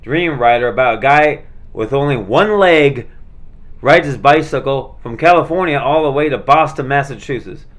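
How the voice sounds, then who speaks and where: A man talks in a loose, rambling way, stumbling over words and filling gaps with "uh". His voice sits at an ordinary middle pitch and stays easygoing throughout. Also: moderate pace, fairly bright tone. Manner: rambling, many fillers and restarts, laid-back. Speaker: vlogger showing his movie collection. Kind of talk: casual rambling chat.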